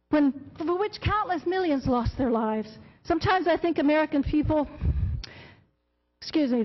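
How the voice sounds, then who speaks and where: A woman speaking at a public comment podium, delivering a prepared, impassioned and emphatic speech with quotations. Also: sits high. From Florida. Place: county commission meeting room. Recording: dull lo-fi public meeting audio.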